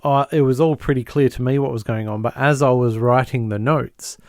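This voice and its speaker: A mid-pitched man co-hosting a podcast walks through a sitcom plot in a casual, storytelling way. He is animated and slips into character voices as he goes. The sound is close and dry. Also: brisk, no echo. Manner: animated storyteller who acts out quotes. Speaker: podcast co-host. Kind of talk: casual episode recap.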